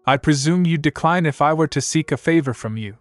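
A man's voice: fairly high pitch, brisk, dry recording, faint music behind, pitched above the performer's own voice, lightly acted. A man voicing a proud, clever young princess who speaks in a cool, formal, commanding way. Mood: probing.

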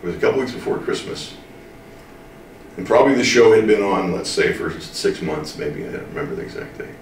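A man's voice: low-pitched, expressive, a little hiss or hum. An older man from the Midwest, telling stories in an interview and drawling out his words with firm emphasis. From American Midwest. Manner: drawling, slow to get things said, emphatic. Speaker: voice actor interviewee. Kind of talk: casual interview storytelling. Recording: roomy room, distant mic.

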